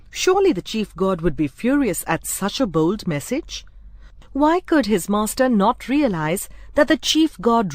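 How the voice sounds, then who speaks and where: A woman narrating a folk tale in a clear, measured storybook reading. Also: mid-range voice, darkish tone, no echo. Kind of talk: scripted narration.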